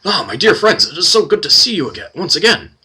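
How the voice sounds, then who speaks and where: A man's voice: high-pitched, big pitch swings, fast talker, sharp tone, slightly rough, voice pushed up, full character voice. A man voicing an exhausted, sleepless male ship captain in a fantasy computer game, speaking earnestly and pleading for help. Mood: warm greeting. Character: exhausted, desperate male ship captain searching for his sister.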